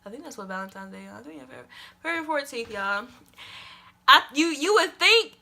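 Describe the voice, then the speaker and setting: A young woman vlogger tells a personal story in a storytime video, animated and emphatic, repeating lines for effect and swearing casually. Her voice sits high and gravelly, she talks briskly, and there's a little hiss or hum in the audio.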